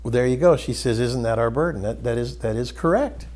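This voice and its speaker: Guy retelling a bible story to a group, rambly, lots of restarts, ordinary middle pitch. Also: fairly quick. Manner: rambling storyteller, many restarts, voices quotes softly. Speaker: host. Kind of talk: casual spiritual talk, retelling a story.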